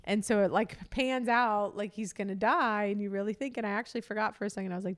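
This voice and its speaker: A woman's voice: mid-range voice, fairly even intonation, a little fast, hardly any pauses. Woman retelling a movie, chatty. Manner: retells movie scenes, acting out quotes, laughs often. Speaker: podcast co-host. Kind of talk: casual chat.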